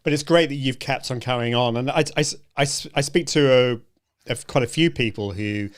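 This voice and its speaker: A man hosting a conversation, encouraging and warm-hearted in tone, often restarting his sentences. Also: mid-range voice, normal speed, clean tone. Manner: encouraging, hesitant with many restarts. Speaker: show host. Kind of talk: casual conversation.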